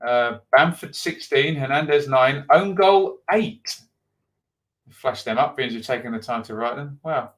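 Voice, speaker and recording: Man, middle-aged, football streamer, chatty, mid-pitched voice, reading viewer comments. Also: fairly even intonation, moderate pace, few pauses, a bit bright. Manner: chatty and thinking aloud, with frequent ums. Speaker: football channel host.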